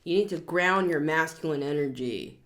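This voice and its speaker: Speaking at a moderate pace with a slightly bright voice, this tarot reader in her 30s delivers a casual, scolding monologue. She's blunt and emphatic, with abrupt jumps into high-pitched outbursts.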